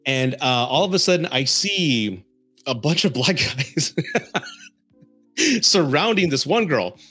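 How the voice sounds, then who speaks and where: A man's voice: fairly high pitch, big pitch swings, slow pace, bright, forceful tone, slightly rough, no echo, faint music behind. A man from San Antonio hosting a podcast, telling dating stories and giving advice in a casual way, chuckling often as he talks. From San Antonio, Texas, US. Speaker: podcast host.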